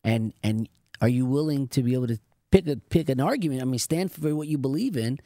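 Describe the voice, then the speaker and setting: A man's voice: mid-range voice, expressive, a little fast, mellow, dry recording, clean studio sound. A man co-hosting a Christian talk show, exhorting young listeners in conversation. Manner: affirming, exhorting. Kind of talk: conversational preaching.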